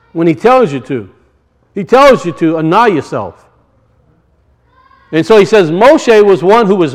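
A man teaches scripture in a loose, conversational way. His voice sits high, and he builds into emphatic, preacherly passages. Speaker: Bible teacher. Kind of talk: sermon-style Bible teaching.

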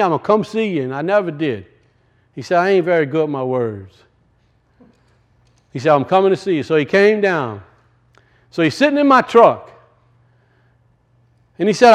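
High-voiced preacher, rising and falling. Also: male voice, sing-song, moderate pace, pauses often. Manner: rises loud then drops to hushed, storytelling. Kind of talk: sermon with personal story.

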